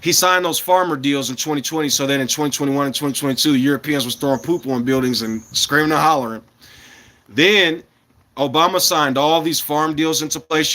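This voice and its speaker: Bright-voiced man rambling on a livestream. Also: fairly high pitch. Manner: rambling, chuckles often, drifts between loud bursts and mumbled asides. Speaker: livestreamer talking to chat. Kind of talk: casual rambling livestream chat.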